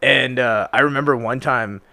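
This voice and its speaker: A man's voice: mid-range voice, moderate pace, gravelly, bright, forceful tone, dry recording. A young man casually telling stories on a podcast, laid-back and full of swearing and fillers. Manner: profane, laid-back storytelling with lots of fillers. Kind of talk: casual chat.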